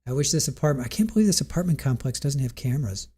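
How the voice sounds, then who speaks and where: A man with a warm, mellow voice hosts a casual live stream, thinking aloud and restarting his sentences as he goes. He chats loosely and reads out viewer comments in a medium-pitched, easygoing tone. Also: animated, rapid-fire, husky.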